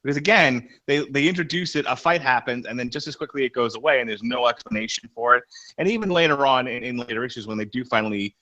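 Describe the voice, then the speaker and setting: A man's voice: medium pitch, fast, highs cut off. A man co-hosting a comics podcast, talking casually in a rambling way with many restarts. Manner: rambling, restarts often, animated. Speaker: podcast co-host.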